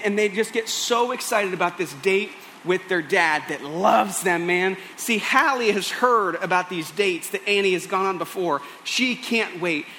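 A man's voice: sits high, sharp tone, a little hiss or hum. A male pastor preaching a sermon, earnest and pleading as he tells a story.

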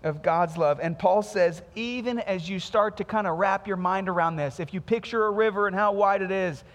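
A man in his thirties, a pastor preaching a sermon in a conversational, storytelling way with animated quoted voices. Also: high-pitched, normal speed. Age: 30s. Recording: music underneath, long hall reverb.

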